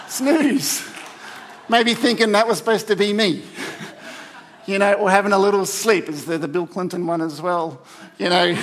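Male pastor, high register, relaxed joking sermon delivery in a church. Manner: chatty, joking asides with the congregation. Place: church hall.

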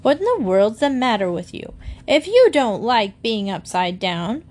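A woman's voice: fairly high pitch, sing-song, darkish tone. A woman voicing a bossy, prim talking bird that scolds a boy. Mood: scolding. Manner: scolding, brisk.

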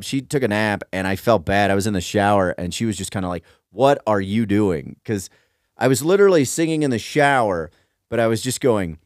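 A man's voice: on the low side, no echo, clean studio sound. A man co-hosting a casual comedy podcast, joking around and slipping into a mock announcer voice. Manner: playful, breaks into mock ad-announcer voice. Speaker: podcast co-host.

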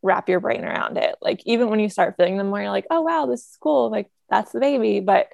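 A woman's voice: medium pitch, a little fast, vocal fry, no echo, studio quality. A woman co-hosting a podcast, chatting casually and supportively. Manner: supportive, relaxed, conversational. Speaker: podcast co-host. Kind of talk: casual chat.

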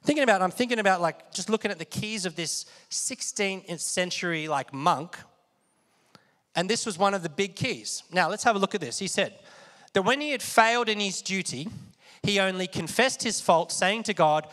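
Long hall reverb surrounds a man whose high-sitting, fairly bright voice is expressive and runs at normal speed. He delivers a conversational sermon, often questioning the congregation and getting them to say words back.

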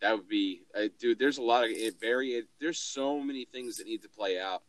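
Excitable, emphatic man who swears freely. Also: medium pitch, fairly quick, no echo, poor audio. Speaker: podcast co-host. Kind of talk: casual sports podcast chat.

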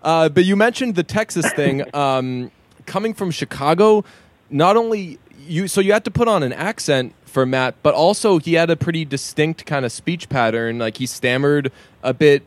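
A man's voice: a little high, expressive, moderate pace, no room sound. A man from Massachusetts interviewing a guest, casual and joking, with some profane banter. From Massachusetts, USA.

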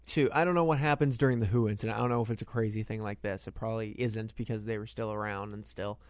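A man's voice: lowish voice, steady tone, quick pace, clear, resonant tone, no room sound. A man co-hosting a podcast, casually recapping a film scene by scene and often restarting his sentences. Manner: rambling retelling with frequent restarts. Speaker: podcast co-host. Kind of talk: casual movie recap chat.

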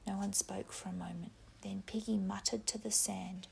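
A woman narrating a novel in a hushed, measured whispered reading. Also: medium pitch, fairly even intonation, creaky, breathy edge.

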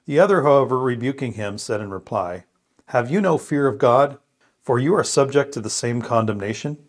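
A man's voice: mid-range voice, expressive. A man praying, reading scripture aloud and reflecting in an earnest, thoughtful way. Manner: earnest, thoughtful, with pauses and restarts. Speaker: co-host of a scripture podcast.

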